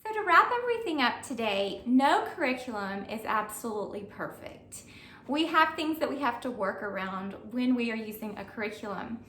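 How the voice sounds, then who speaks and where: Woman, homeschool mom reviewing a curriculum: earnest, encouraging, high voice, echoey room a little off-mic. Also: bright, forceful tone, distant mic, a little hiss or hum. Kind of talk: friendly review talk to camera.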